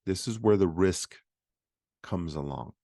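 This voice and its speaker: A man's voice: low-pitched, a little slow, dark tone, no room sound, studio quality. A man hosting a solo podcast for physical therapists, talking in a conversational, motivational way with frequent fillers. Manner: conversational, many fillers and restarts.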